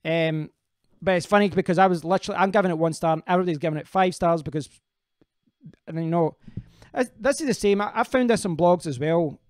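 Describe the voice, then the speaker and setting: A man's voice: high-pitched, fast talker, no echo, clean studio sound. A man hosting a casual live stream, rambling as he answers viewers' comments and often restarting his sentences.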